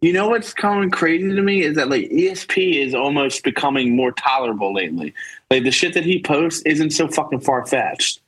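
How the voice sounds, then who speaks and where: Husky man ranting about sports. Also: on the high side, expressive, a little fast, fairly bright tone, low-quality recording. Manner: ranting, heavy swearing, exasperated. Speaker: podcast co-host. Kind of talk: profane casual sports chat.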